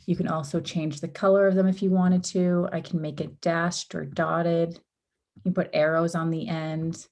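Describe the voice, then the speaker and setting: A woman runs a live design tutorial over a video call, talking step by step in an easygoing way. Her voice sits low and mellow, a little worn because she is losing it. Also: level tone, normal speed. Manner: casual, step-by-step, with frequent ums and oopses. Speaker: workshop instructor.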